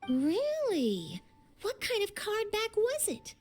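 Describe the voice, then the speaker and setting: Brief: a confident young journalist, prying and playful, bright high voice. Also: female voice, huge pitch swings, slow, soft background music, full character voice. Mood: probing. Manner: probing, teasing, confident. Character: pushy inquisitive young woman journalist. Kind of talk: video game voice acting.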